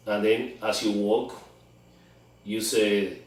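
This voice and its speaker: A man's voice: fairly low pitch, level tone, takes it slowly. A man coaching on dating, talking emphatically and often repeating and restarting his words. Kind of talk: instructional monologue. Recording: very echoey room, far from mic.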